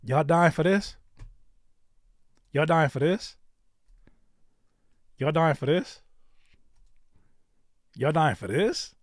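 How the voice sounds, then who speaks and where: A man's voice: a little high, slow, long pauses, no echo, clean studio sound. A man hosting a music-reaction livestream, joking and repeating lines for effect in casual, profane chat. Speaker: livestream host reviewing music submissions.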